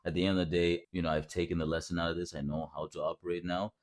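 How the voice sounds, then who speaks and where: A man's voice: sits low, little pitch movement, quick pace. A man in his twenties telling his own story in a heated, profane, mocking rant.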